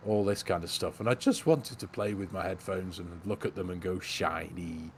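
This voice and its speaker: Chatty gamer, low voice, self-deprecating storyteller on a headset; faint background hiss. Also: male voice, fairly quick, darkish tone. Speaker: co-host of a farming game stream. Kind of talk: casual chat while gaming. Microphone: gaming headset.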